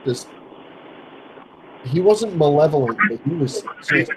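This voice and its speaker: A man chatting in a slow, rambling way on a livestream, chuckling often. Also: a little high, expressive. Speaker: livestream guest. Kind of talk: casual livestream chat. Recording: noisy call audio.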